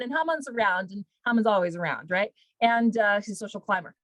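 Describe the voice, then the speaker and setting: Higher-voiced woman retelling a story. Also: fairly quick, few pauses, dry recording, poor audio. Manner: lively retelling with acted-out quotes, many fillers. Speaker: rebbetzin, Torah teacher. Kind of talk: casual storytelling talk.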